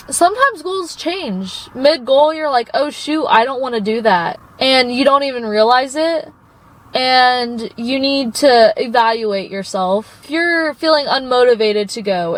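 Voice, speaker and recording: A young woman with a noticeably high voice talks to her phone camera in a casual motivational vlog. She is earnest and encouraging throughout and calls her viewers babe, like a supportive friend. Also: low-quality recording. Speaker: vlogger. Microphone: phone propped up.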